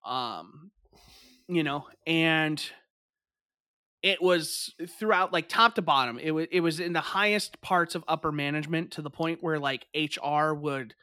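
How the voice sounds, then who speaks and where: Brief: high-voiced, excitable male podcast co-host, profane storyteller, dry sound. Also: dry recording. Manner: excitable, swears a lot, laughs often. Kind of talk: casual chat, animated storytelling.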